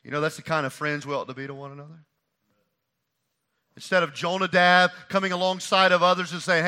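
A man preaching a sermon, emphatic and repeating phrases for stress, swinging between hushed and loud. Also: high-pitched, flat delivery, a little fast, clear, resonant tone. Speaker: pastor.

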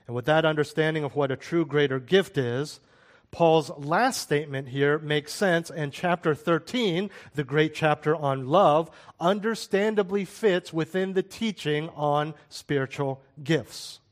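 Man teaching scripture, slightly high voice. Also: unhurried. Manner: conversational, with rhetorical questions and asides. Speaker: Bible teacher. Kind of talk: sermon-style Bible teaching.

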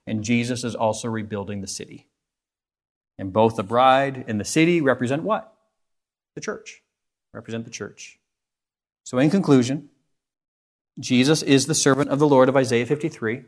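A man preaching a sermon, earnest and putting rhetorical questions to his listeners. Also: mid-range voice.

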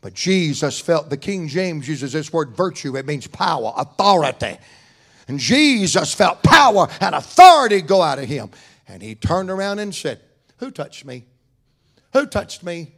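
Preacher, higher than usual male voice, fervent church sermon, loud cries dropping to near-whisper. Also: sing-song, moderate pace. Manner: fervent preaching with rising shouts and soft drops.

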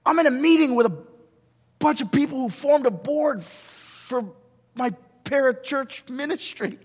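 A middle-aged pastor preaching a sermon, moving from hushed asides to shouted lines and acting out dialogue. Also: male voice, extremely high pitch, measured pace, slightly rough, in a large hall.

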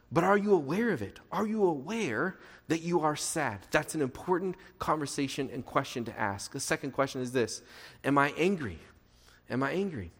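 A man preaching a sermon in an earnest, conversational way, asking his listeners rhetorical questions and adding playful asides. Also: fairly high pitch. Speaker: pastor. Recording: reverberant hall.

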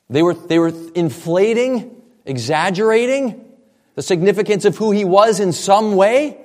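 A man's voice: high voice, animated, moderate pace, a little mellow, in a large hall. A man preaching a sermon, earnest and expository, often repeating points for emphasis. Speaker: pastor.

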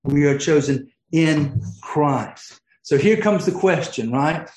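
A male preacher delivering a sermon with fervent swings between exclamations and hushed near-whispers. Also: fairly high pitch, animated, slow pace, reverberant, poor audio.

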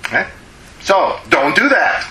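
A man preaching a sermon as a pastor, slow and emphatic, drawing out words to press his points. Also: a little high, sing-song, bright, forceful tone, reverberant, slight background noise, rough recording.

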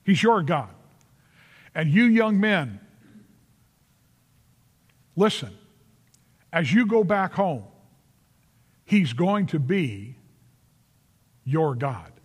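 A man's voice: on the high side, sing-song, extremely slow, long pauses, breathy edge. A man preaching a sermon, earnest and emphatic, repeating phrases for stress and calling on listeners by name. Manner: addresses listeners directly by name. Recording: long reverb of a large hall.

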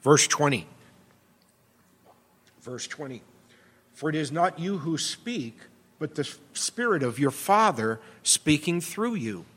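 Earnest preacher in a reverberant hall. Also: male voice, fairly high pitch, big pitch swings, unhurried, a bit bright, breathy edge. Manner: earnest, emphatic preaching with rhetorical questions. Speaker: pastor. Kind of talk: sermon. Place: church sanctuary. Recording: long reverb of a church hall.

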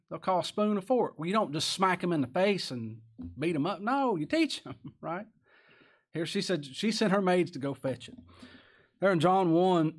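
A man preaching a sermon in a folksy, plain-spoken way, often asking his listeners questions and raising his voice to loud cries for emphasis. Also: high voice.

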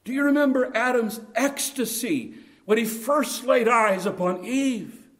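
A man's voice: extremely high pitch, animated, unhurried, a bit bright. A man preaching a sermon earnestly, building to impassioned emphasis at key points. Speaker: pastor.

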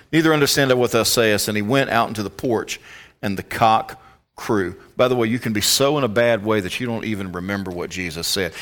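Folksy Southern American pastor, lowish voice. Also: male voice, a bit bright. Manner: folksy and conversational, quizzing the congregation. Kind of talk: sermon.

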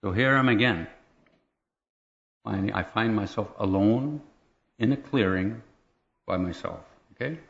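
A man with a fairly low voice tells a personal testimony as a lively, chatty story, often chuckling and checking in with his listeners. The recording is dull and a little lo-fi. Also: a little slow, creaky, long pauses. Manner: animated storyteller, chuckles, checks in with "right?" and "okay?".

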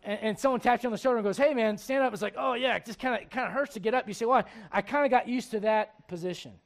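High-voiced male preacher. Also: fast. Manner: conversational preaching, swinging between loud emphasis and hushed asides. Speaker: pastor. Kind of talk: sermon.

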